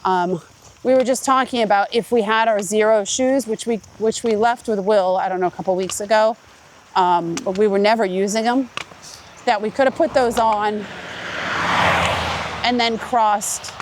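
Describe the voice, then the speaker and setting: A woman's voice: medium pitch, fairly even intonation, normal speed, slight background noise. A woman with a congested voice, chatting casually and rambling with many fillers while vlogging on an outdoor forest trail. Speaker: hiking vlogger. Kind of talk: casual vlog talk while hiking.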